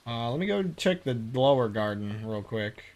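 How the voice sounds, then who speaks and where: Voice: medium pitch, animated, normal speed, a little mellow. A streamer from Appalachia chatting casually over a farming game, rambling, laughing often and slipping into a put-on drawl. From Appalachia, United States. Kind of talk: casual gameplay commentary.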